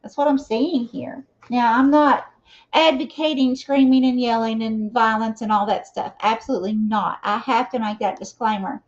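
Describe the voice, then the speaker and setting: A fairly high-pitched woman speaks at normal speed with fairly even intonation while giving a live tarot reading. She's casual and conversational, often checking in with her audience and using fillers such as "okay?" and "you know." The sound quality is dull and lo-fi.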